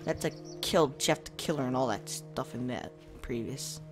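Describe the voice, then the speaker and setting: A gaming video host giving casual let's-play commentary into a desk microphone at a home setup, chatting to viewers and reacting out loud to jump scares. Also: medium pitch, moderate pace, music in the background. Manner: talks to the viewers and to himself while playing.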